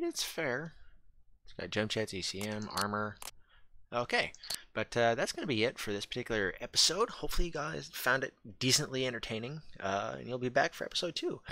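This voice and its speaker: A man's voice: medium pitch, very animated, normal speed, sharp tone, slight background noise. A man casually commentating his mech game playthrough, chatty and joking, talking back to the game. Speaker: gaming channel host. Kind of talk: let's play commentary.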